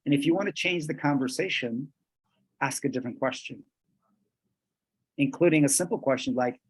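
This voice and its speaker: A man from Colombia, presenting a workshop in a measured way, pausing and restarting as he switches between English and Spanish. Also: mid-range voice, breathy edge.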